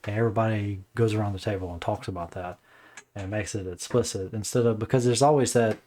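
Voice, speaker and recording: A man's voice: on the low side, fairly even intonation, quick pace, a little mellow, slight background noise. A man casually reviewing a book, reading the blurb aloud with stumbles, then rambling with many fillers and restarts while sounding mentally tired.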